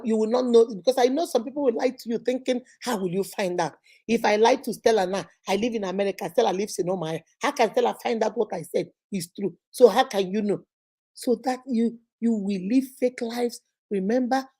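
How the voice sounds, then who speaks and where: A middle-aged woman hosting a talk on relationships, preachy and animated, mimicking voices and laughing often. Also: fairly high pitch. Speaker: host.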